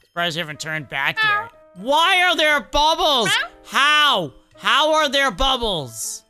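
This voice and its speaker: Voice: high voice, very animated, slow pace, bright, forceful tone, clean tone, faint music behind, heavily acted. A performer voicing an exasperated male animatronic fox scolding his cat-form fiancee in a fan game role-play, exclaiming and pleading.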